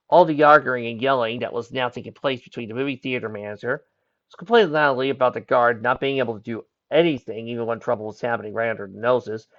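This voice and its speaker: A man's voice: mid-range voice, fairly bright tone, muffled recording. A man reading a pony fan story aloud, voicing each character's lines in turn. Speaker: fanfiction reader. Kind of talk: storybook narration.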